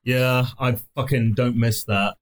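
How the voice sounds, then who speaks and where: A man's voice: medium pitch, fairly even intonation, measured pace. A young man from Mexico trades stories on a casual podcast and drops swear words into almost every sentence. His talk is loose and rambling, and his voice sits in an everyday middle range. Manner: swears constantly, rambling anecdotes.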